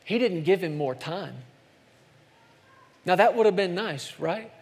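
Impassioned male preacher, high voice, slow deliberate delivery, big hall reverb. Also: expressive, breathy edge. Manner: impassioned, swings between soft hushed lines and loud climbs. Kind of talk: sermon.

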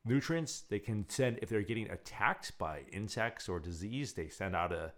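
A man's voice: on the low side, moderate pace. A man hosting his own radio show, talking casually and acting out scenes as he tells stories. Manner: animated storyteller who acts out scenes.

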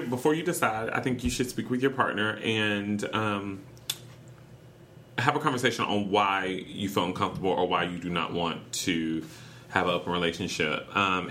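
A man with a North Carolina accent co-hosting a chatty podcast, animated and teasing, laughing often. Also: lowish voice, slight background noise. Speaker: podcast co-host. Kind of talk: casual chat.

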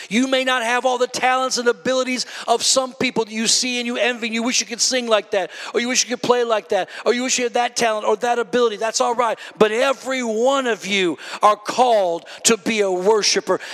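A man preaching a sermon with passion, often shouting, building to high cries and calling out to the congregation. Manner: calls out to the congregation.

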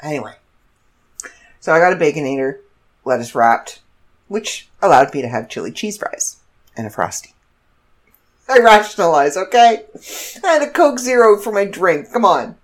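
A woman podcast host telling a funny personal story in a casual monologue, animated and often laughing. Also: fairly low pitch, moderate pace, pauses often.

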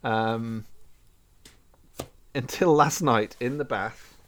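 A man's voice: mid-range voice, extremely slow, slight background noise. A man co-hosting a podcast, telling a story in a casual chat, laughing often and acting out quotes. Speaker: podcast co-host.

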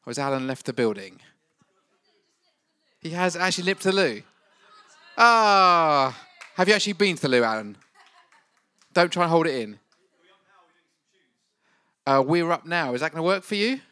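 A man's voice: on the high side, animated, moderate pace, long pauses, pushed and bright, clear, resonant tone, no room sound. A man hosting a church gathering, encouraging the congregation and bantering playfully. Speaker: church event host.

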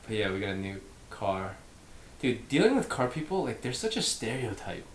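A man in his thirties co-hosting a podcast, chatting casually and laughing as he tells quick stories. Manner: animated, laughing, quick storyteller. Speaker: podcast co-host. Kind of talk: casual chat. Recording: echoey room with faint rumble.

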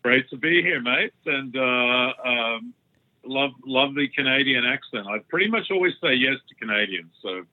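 A man's voice: medium pitch, animated. Australian man on a tinny line. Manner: chatty, friendly, quick to joke. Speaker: guest author. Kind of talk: casual interview chat. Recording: tinny phone-line sound.

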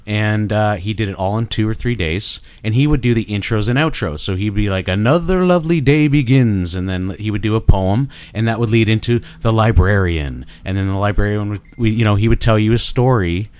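Here the guest artist, a middle-aged Canadian man with a Canadian accent, talks fairly quickly with few pauses, in a fairly low voice with fairly even intonation. His tone is clean and a little mellow, with no room sound, as he rambles enthusiastically through the casual interview, full of fillers and restarts.

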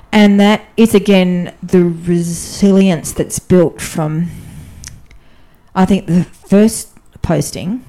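A woman guest on a podcast, talking candidly and chattily about her life as a diplomatic spouse, often restarting her sentences. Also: slow pace. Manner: animated, often jumps up in pitch when telling stories. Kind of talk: casual podcast conversation.

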